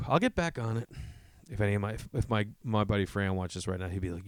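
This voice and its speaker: Podcast host, male: animated, swearing storyteller who jumps into quoted voices, close and dry sound. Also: brisk, dry recording. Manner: animated, profane, acts out quotes in a higher voice. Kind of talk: rambling comedic storytelling.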